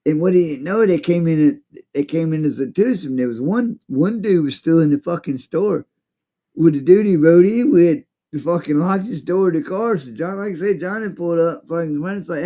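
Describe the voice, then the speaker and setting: A man with a gravelly, dark voice tells a rambling story in casual chat. He swears freely and acts out the people in it. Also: a little high, moderate pace. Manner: rambling, profane, acts out quotes.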